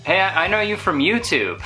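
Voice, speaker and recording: A man doing a pushy self-promoting creator, bright tense voice, faint background music. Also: high-pitched, very animated, moderate pace, pitched above the performer's own voice, full character voice. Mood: mock skit. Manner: acts out both sides of a mall encounter.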